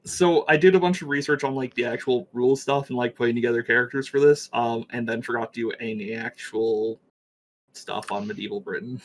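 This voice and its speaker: A man's voice: medium pitch, brisk. A man running a tabletop game on a stream, chatting casually with a laughing, self-mocking manner. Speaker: game master.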